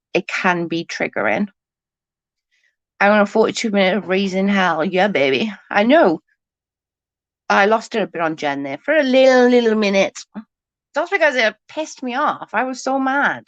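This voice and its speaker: Woman, livestream host in bed at night, rambling chatty swearer, mid pitch, dry close sound. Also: no echo. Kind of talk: casual late-night livestream chat.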